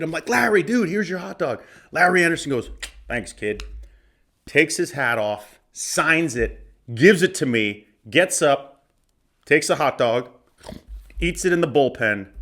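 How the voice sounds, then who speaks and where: A man's voice: a little high, animated, measured pace, a bit bright. Profane joking man hosting a podcast. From Arizona, USA. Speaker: podcast host. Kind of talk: casual comedic card-opening commentary.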